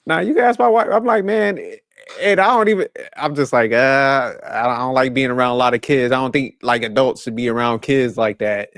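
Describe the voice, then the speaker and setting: A man's voice: mid-range voice, steady tone, a little fast, a bit bright, no room sound, clean studio sound. A man, chatting bluntly and profanely on a podcast and laughing at his own remarks. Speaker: podcast host. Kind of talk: casual chat.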